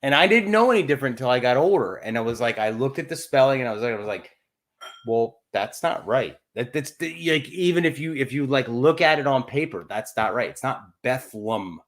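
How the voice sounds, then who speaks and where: A young adult man with an eastern Pennsylvania accent, co-hosting a casual chat over whiskey, animated and self-mocking with casual swearing. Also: mid-range voice, fairly quick. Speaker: co-host.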